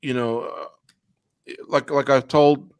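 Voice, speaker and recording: Animated man recapping fights, dry sound. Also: medium pitch, takes it slowly, clear, resonant tone, dry recording. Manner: animated, puts on mock voices for judges. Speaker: podcast co-host. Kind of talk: casual MMA recap chat.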